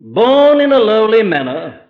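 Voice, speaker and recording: A man preaching a sermon with emphatic delivery, firing rhetorical questions and slowing right down on key phrases. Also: high voice, big pitch swings. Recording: dull lo-fi recording.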